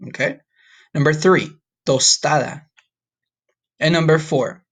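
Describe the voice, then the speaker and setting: In a recorded online Spanish lesson, a man speaks casually with a mid-range, somewhat bright voice. He frequently asks "okay?" and "all right?" while stretching out Spanish words slowly to model them.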